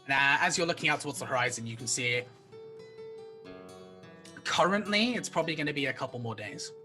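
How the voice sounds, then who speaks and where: A woman narrating a tabletop game as game master, in a casual, halting way with fillers. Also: extremely low pitch, expressive, pushed and bright, faint music behind.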